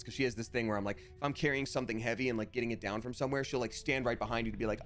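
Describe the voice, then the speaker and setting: A man's voice: medium pitch, quick pace, a bit bright, faint music behind. A man streaming a video game, chatting casually and telling a story while he acts out both sides of a conversation.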